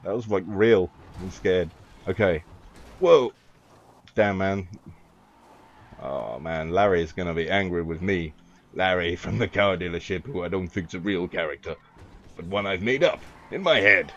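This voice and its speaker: A man with a low, fairly bright voice plays a driving game, speaking unhurriedly and taking long pauses. As a gaming YouTuber doing casual let's-play commentary, he rambles, jokes, and swears freely. The sound is dull and lo-fi, with a faint hiss.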